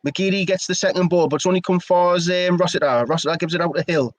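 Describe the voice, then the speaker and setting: A young man calls the match play by play in a slightly high voice. He talks steady and loose, with casual grammar. The sound is close and dry, with no room around it. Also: quick pace, no room sound. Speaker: match commentator. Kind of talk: live play-by-play commentary.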